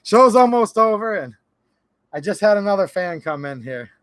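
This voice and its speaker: A man's voice: high voice, sing-song, normal speed, fairly bright tone, no echo. A man hosting a casual livestream, laughing often and reading viewer chat aloud. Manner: laughs a lot, reads chat aloud, jokey. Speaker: livestream host. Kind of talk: casual live-stream chat.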